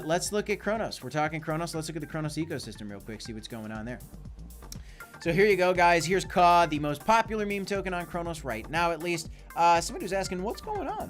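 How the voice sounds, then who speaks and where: A man hosting a casual livestream with commentary and Q&A, hyped and chatty, often calling out to "guys". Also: fairly high pitch. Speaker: crypto channel host.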